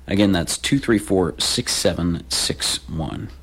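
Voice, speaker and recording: A deep, slightly bright voice with a breathy edge takes it slowly as a man hosts a local call-in radio swap show from the studio. He reads listings and phone numbers casually, repeating the numbers and tossing in slangy asides.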